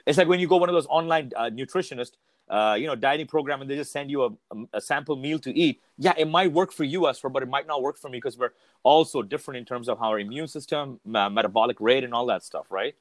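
A man speaking as a podcast guest in a relaxed, candid chat. He swears without a second thought and keeps restarting his sentences as he tells a story. His voice sits mid-range and sounds close and dry. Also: medium pitch, quick pace, no echo. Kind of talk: casual chat.

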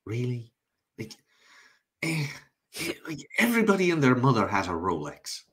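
A man chatting casually as a co-host. His voice is husky and rough at the edges. He swings up and down in pitch as he tells stories and acts out what others said. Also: moderate pace. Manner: animated storytelling with quoted voices; loose, filler-heavy speech. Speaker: co-host reading viewer messages. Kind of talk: casual chat.

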